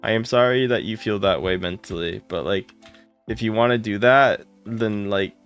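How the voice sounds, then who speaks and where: Gravelly-voiced man chatting on a live stream. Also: lowish voice, moderate pace, faint music behind. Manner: greets viewers by name, excitable and gushing. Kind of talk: casual live-stream chat.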